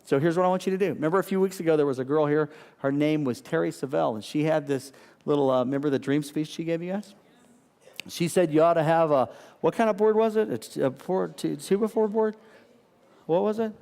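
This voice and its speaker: A man preaching a sermon as a pastor, animated and repetitive, calling on the congregation to answer. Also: a little high, brisk, gravelly, in a large hall.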